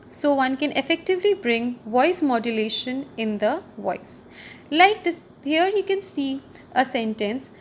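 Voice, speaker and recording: Woman, teacher, recorded lecture, high voice, leans on key words. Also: lively intonation, a little slow, slight background noise. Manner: explanatory, stresses key words. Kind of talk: recorded lecture over slides.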